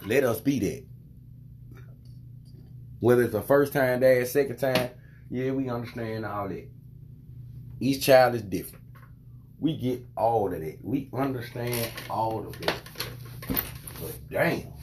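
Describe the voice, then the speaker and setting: Mid-pitched man, casual vlogger father, animated profane rant. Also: a little hiss or hum. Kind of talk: casual storytelling monologue.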